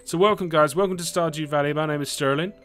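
A man's voice: on the high side, steady tone, fast, fairly bright tone, smooth, soft background music. A young British man from the UK, chatting casually while he plays a farming game, swearing often and humming to himself. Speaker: gaming streamer. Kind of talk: casual let's-play commentary.

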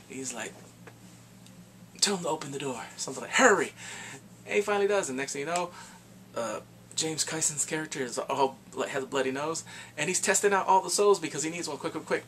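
Man, casual episode recap, fairly high voice, very lively pitch, acts out lines, laughs a lot. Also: slight background noise. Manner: animated retelling, acts out character lines in changed voices; laughs often mid-sentence. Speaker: TV show reviewer.

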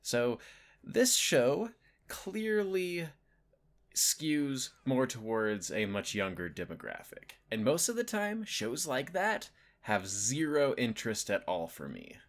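Speaking slowly in a sing-song way, a young man hosts a video with loose, rambling commentary. He leans heavily on "like" and "you know," and his pitch swoops up and down.

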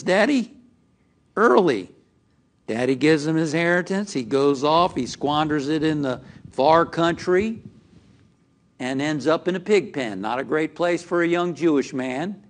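A male minister giving a sermon to a live congregation, asking them direct questions as he speaks. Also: fairly high pitch. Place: church hall with a live congregation.

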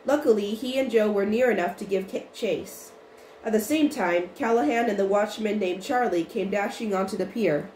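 A woman narrating a storybook chapter in an even, unhurried reading voice with small restarts. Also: mid-range voice. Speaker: audiobook reader. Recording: roomy with faint noise.

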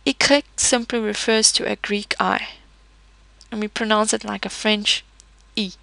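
A woman gives a pronunciation lesson at an unhurried pace, stopping now and then to correct herself. Her voice has a gravelly, fry-tinged edge, and the sound is dry and close. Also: mid-range voice, level tone, bright, forceful tone, no echo, low-quality recording. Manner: slow, patient explaining with fillers and self-corrections. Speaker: French teacher.

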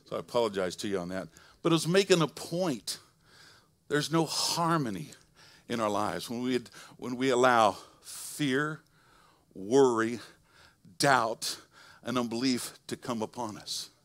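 A middle-aged male pastor preaching a sermon in a folksy, conversational way, swinging between loud preaching and soft asides. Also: mid-range voice, lively intonation, slow, long pauses, no room sound. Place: church sanctuary.

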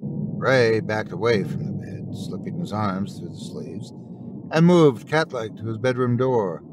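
A man hosting and narrating a horror story in a theatrical, drawn-out manner. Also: fairly low pitch, over loud music. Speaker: host and narrator. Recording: noisy recording.

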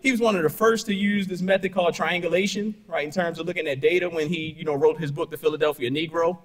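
Lively keynote man in a reverberant hall. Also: fairly high pitch, quick pace. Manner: conversational, tags "right?" and "you know" constantly; storytelling with punchy asides and rhetorical questions. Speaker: keynote speaker. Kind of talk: conference keynote talk.

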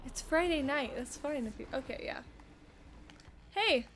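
A woman commentating her gameplay casually, excitable and quick to yelp and swear when she panics. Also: high-pitched, slight background noise. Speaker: gamer streamer.

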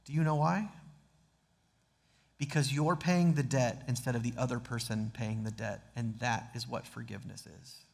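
A man's voice: medium pitch, fairly even intonation, moderate pace, gravelly, long reverb tail. A man preaching a sermon as pastor, earnest, reading scripture aloud with dramatic emphasis. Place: church sanctuary.

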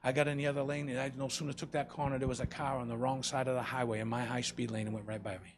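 A man preaching a sermon as pastor, swinging between loud and soft and calling out to the congregation. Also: mid-range voice, flat delivery, very fast, a little hiss or hum.

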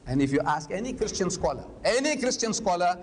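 Forceful older man debating in a hall. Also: high-pitched, big pitch swings, brisk. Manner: forceful, argumentative, rhetorical questions. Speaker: lecturer. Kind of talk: public lecture debate. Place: large lecture hall. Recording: long hall reverb, faint noise.

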